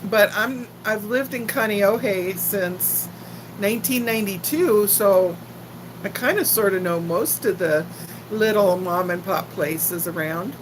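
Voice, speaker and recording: A woman's voice: mid-range voice, slow pace, background noise. Older lady from texas, faint texan twang, giggly livestream chat, takes her sweet time. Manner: chatty, giggly, talks straight to viewers. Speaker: livestream host chatting with viewers. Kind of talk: casual live chat.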